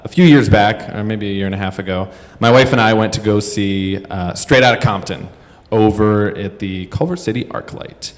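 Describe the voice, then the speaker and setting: A man in his thirties telling a comedic story on stage to a live audience, self-deprecating and rambling, with many fillers. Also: lowish voice. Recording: echoey hall.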